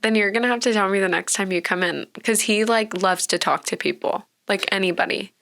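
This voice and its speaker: A woman's voice: medium pitch, brisk, creaky, a bit bright. A young woman in her twenties with a Texan accent, a podcast guest chatting casually and telling stories, full of "like". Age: 20s. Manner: chatty storyteller, heavy use of "like". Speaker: podcast guest, bartender and content creator. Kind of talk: casual interview chat.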